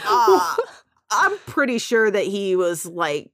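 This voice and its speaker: A woman co-hosting a podcast, telling a story in casual chat with lots of "like", sighs and lively asides. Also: medium pitch, takes it slowly, vocal fry, no echo, clean studio sound. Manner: animated, full of "like" and sighs, acts out quotes.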